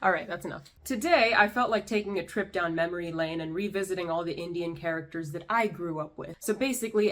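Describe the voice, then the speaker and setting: A woman's voice: lowish voice, fairly bright tone. Sarcastic young woman ranting to camera. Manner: sarcastic, exasperated. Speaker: YouTube commentator. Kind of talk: ranting commentary vlog.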